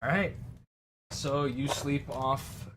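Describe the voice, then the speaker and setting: Male game master, ordinary pitch, loose and halting tabletop narration full of fillers. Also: fairly bright tone, slight background noise.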